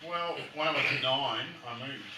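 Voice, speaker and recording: A man's voice: mid-range voice, a little slow. Man from England in an echoey room. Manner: relaxed, dry joking. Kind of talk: casual chat. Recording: echoey room, distant mic, clear background noise.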